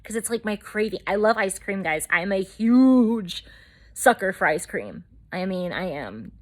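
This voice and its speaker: A woman's voice: medium pitch, lively intonation, unhurried. A woman vlogger telling her own story in a chatty, rambling way with lots of fillers. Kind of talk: casual storytelling to camera.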